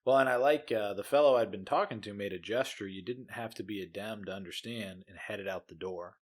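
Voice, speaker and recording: A man's voice: lowish voice, fairly quick. A man co-hosting a podcast, chatting casually about a book, laid-back and hesitant, often searching for words. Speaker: podcast co-host.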